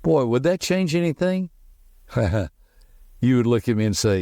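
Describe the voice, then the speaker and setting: Man, middle-aged, motivational podcast host, folksy, quick and emphatic, mid pitch, dry close sound. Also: sing-song, mellow, no room sound. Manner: quick, folksy and emphatic, tells personal stories. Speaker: podcast host and personality teacher.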